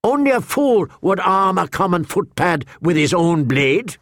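A man reading aloud, voicing a sharp-tongued, sardonic male dwarf nobleman in a slightly raised voice. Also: sits high, sing-song, no echo, studio quality, voice pushed up, full character voice. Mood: defiant. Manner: sardonic, quick, cutting.

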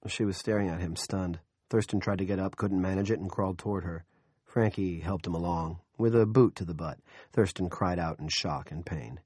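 A man with a low, fairly deep voice narrating an audiobook in a steady, wry storytelling manner. The recording is close and dry, with no room sound. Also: moderate pace, slightly rough, dry recording. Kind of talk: scripted narration.

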